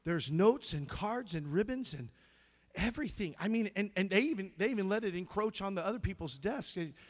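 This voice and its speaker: A man's voice: sits high, expressive, fairly quick. A middle-aged man preaching a sermon, calling out to the congregation, singing snatches of a song and laughing as he tells stories. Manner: loud, preachy call-and-response with singing and laughter. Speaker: pastor.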